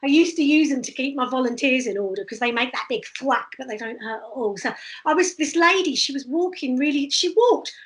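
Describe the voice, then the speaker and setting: Brief: woman with a bright, high voice, animated storyteller who laughs often as an interview guest. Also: a little fast, few pauses, low-quality recording. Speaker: street performer guest.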